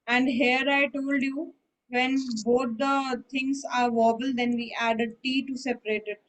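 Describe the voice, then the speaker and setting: This high-voiced woman speaks with a flat delivery at a measured pace, and the recording is rough. She gives a patient online French lesson to a single student, frequently confirming they've understood.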